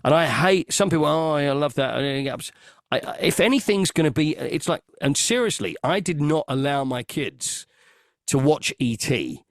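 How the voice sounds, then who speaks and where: An English man chats as a guest over a video call, acting out scenes as he tells stories. His voice sits a little high and rises and falls a lot. The sound is dry and close. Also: unhurried, no room sound. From Britain. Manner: animated storyteller, acts out scenes. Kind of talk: casual chat.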